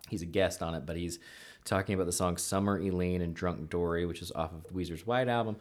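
A man's voice: low voice, steady tone, a little fast. A man hosting a podcast, telling long rambling stories in casual chat and acting out quotes. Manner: rambling storyteller, acts out quotes.

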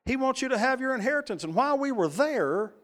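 A pastor with a high-pitched voice preaches in a folksy, storytelling way, doubling back on his words and asking his congregation questions. His sermon rings out in a long, echoing hall. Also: expressive, fast talker, fairly bright tone. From Texas. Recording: echoey hall with long reverb.

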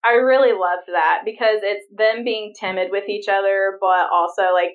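A woman's voice: mid-range voice, fairly even intonation, moderate pace, far from the mic, phone-quality sound. Giggly young woman, a bit off-mic. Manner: giggly, explains behind-the-scenes details. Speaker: podcast co-host. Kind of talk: casual chat.

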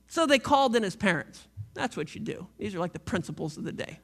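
A man's voice: very high voice, sing-song, brisk, pushed and bright. A male pastor giving a sermon in a playful storytelling manner, acting out the scripture with voices.

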